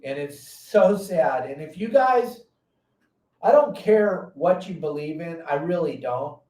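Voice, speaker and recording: A brash, high-energy man, voice pitched a touch high. He talks loud and blunt, telling fishing show stories with a lot of punch. The mic sits at a distance in an echoey room. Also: lively intonation, slow. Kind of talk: casual podcast chat.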